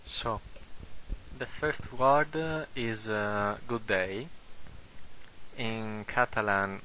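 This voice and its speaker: A man with as a reading a word list slowly, pausing with fillers. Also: medium pitch, sharp tone, slight background noise, low-quality recording. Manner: slow, halting, with fillers. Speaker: language video maker.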